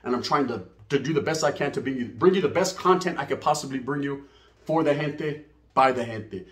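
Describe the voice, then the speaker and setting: A middle-aged channel host tells a profane, streetwise story to camera in a medium-pitched, brisk voice. He mixes in Spanish slang and constantly asks "right?" and "you know what I mean?" in this casual storytelling monologue.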